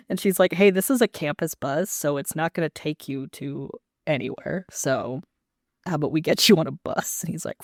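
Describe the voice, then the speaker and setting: A podcast co-host chatting casually, sarcastic, acting out scenes from a show in quick voices. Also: mid-range voice, dry recording, studio quality. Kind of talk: casual chat.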